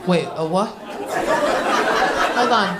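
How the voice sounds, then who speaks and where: A woman's voice: fairly low pitch, takes it slowly, far from the mic. A young woman comedian doing crowd work on a club stage, brash, teasing and blunt. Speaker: stand-up comedian. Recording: roomy club from afar, loud crowd laughter.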